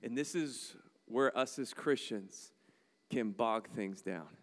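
A man preaching a sermon in an animated, joking way, acting out little voices as he goes. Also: mid-range voice, takes it slowly. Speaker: pastor. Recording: long hall reverb.

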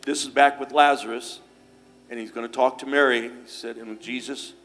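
A man's voice: medium pitch, steady tone, normal speed, a bit bright. A man delivering a church sermon, mixing scripture with homespun stories. He talks in a folksy, easygoing way, full of little fillers and restarts, with faint music behind him. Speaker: pastor.

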